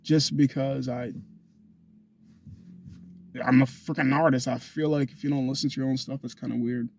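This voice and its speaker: A man's voice: medium pitch, steady tone, moderate pace, darkish tone. A young man rambling through a loose, profane self-recorded monologue into a phone. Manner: loose and profane, drifts between thoughts.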